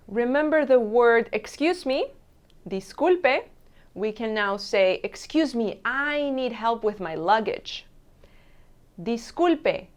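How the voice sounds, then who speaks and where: A woman teaching a language lesson, saying each travel phrase slowly and clearly and repeating it. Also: fairly high pitch. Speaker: Spanish teacher.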